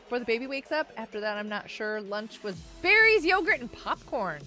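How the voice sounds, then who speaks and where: A woman's voice: on the high side, very animated, a little fast, sharp tone, faint music behind. A woman hosting a casual gaming livestream, chatting with viewers, giggling often and reading out chat messages. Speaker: livestream host.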